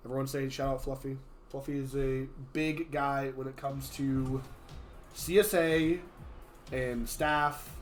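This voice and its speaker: A man hosting and casting a live gaming tournament in a casual, chatty way, his voice a little hoarse from being sick, with sudden loud excited outbursts. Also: medium pitch, slow. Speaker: tournament host and caster. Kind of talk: casual live-stream commentary.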